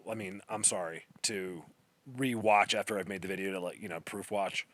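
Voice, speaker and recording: A man's voice: sits low, steady tone, moderate pace, fairly bright tone, no room sound. A man adding a casual, apologetic, rambling voice-over aside to his vlog. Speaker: vlogger adding commentary.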